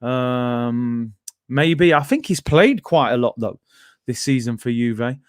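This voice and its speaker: A man's voice: medium pitch, slow pace, dry recording, studio quality. A man hosting a casual football talk stream, chatting loosely with many fillers and asides while reading viewer comments. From England. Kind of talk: casual live-stream chat.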